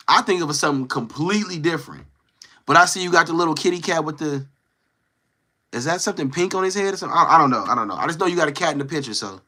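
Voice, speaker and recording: A young male streamer with a fairly high, pushed and bright voice hangs out with his viewers live. He keeps things casual while teasing trolls in the chat with playful trash talk.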